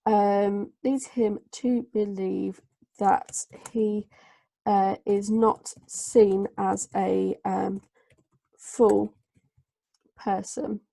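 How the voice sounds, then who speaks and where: A woman tutoring a live online class, her voice gravelly and mellow with a flat melody. She speaks haltingly, filling pauses as she writes. The sound is dry and close on a computer mic. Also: mid-range voice, dry recording. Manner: slow, hesitant dictation with many fillers while writing. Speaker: English tutor.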